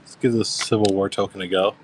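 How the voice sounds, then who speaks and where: Young male auction host, deep and even-toned, easygoing live-stream patter. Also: a little fast, slight background noise. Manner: easygoing, describes coins and thanks bidders. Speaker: coin auction seller.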